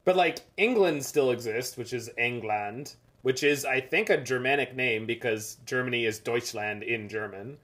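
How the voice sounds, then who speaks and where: A man's voice: medium pitch, moderate pace, hardly any pauses, a bit bright. A man from Canada, giving casual, rambling commentary as he plays a card game on stream. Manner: rambling, chatty asides between plays.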